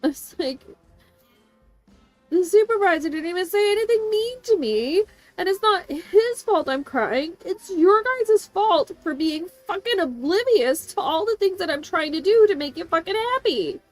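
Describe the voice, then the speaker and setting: A woman streamer telling a story to her chat in an animated way, swearing freely and laughing often. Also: very high-pitched, measured pace, faint music behind. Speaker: game streamer.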